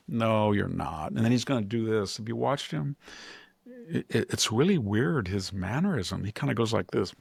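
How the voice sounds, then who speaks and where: A man hosting a political podcast in a rambling, sardonic manner, with a mid-pitched voice full of gravelly fry. His commentary jumps between points and into quick impressions. The sound is dry and close. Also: lively intonation, no room sound. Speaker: podcast host.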